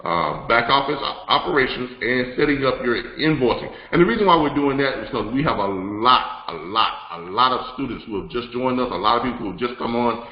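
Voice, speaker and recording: A man with a medium-pitched, expressive voice hosts a live online business broadcast, talking a little fast with hardly any pauses. He rambles loosely through announcements and teaching, full of fillers and restarts. The sound is roomy and slightly dull.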